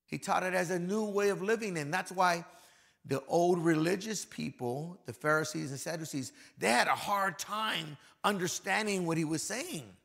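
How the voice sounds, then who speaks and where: In a church hall, a man with a high, gravelly voice preaches conversationally at a moderate pace. He performs the quotes he cites, shifting from hushed asides to booming declarations.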